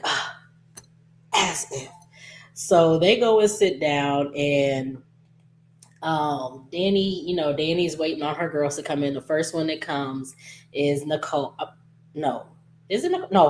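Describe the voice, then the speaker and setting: A woman's voice: deep voice, a little mellow, a little hiss or hum. A woman casually recapping a soap opera episode, chatty and gossipy, acting out lines and laughing as she goes.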